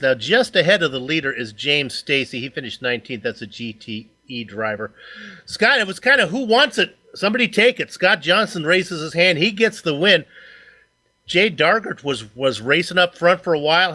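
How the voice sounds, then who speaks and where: A man with a fairly high, bright voice calls out sim racing results as host. He chats easily and jokes with the drivers he interviews. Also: lively intonation, moderate pace. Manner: chatty, joking interviewer. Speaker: broadcast host. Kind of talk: sim racing broadcast commentary.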